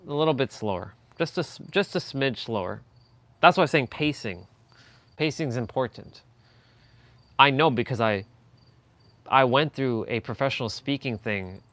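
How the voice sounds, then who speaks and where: With no echo in the recording, a man on a live stream casually coaches a viewer about their speaking. His voice is mid-range with a fairly bright tone. He speaks loosely with many fillers and restarts, pushing his voice up and down to illustrate.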